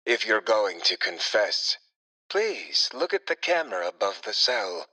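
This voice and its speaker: A man voicing a calm, squeaky male interrogator in an audio story, talking in a slow, clipped official tone. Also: heavily acted, low-quality recording. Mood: cold, calm. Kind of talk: audiobook character voice.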